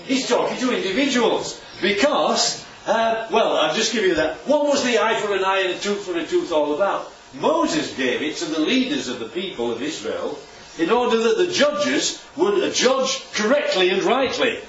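A man preaches a sermon from a distance, his slightly high, a bit bright voice echoing around the room with wide pitch swings. He is loose and conversational, animated at a moderate pace, often asking rhetorical questions. The audio is dull, with a little hiss or hum.

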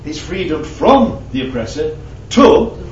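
Male preacher, conversational sermon, fairly high voice, echoey hall, distant dull recording. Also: very animated, a little slow, a little hiss or hum. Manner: conversational, asks the audience questions and tells anecdotes. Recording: roomy, distant, dull lo-fi sound with faint ambience.

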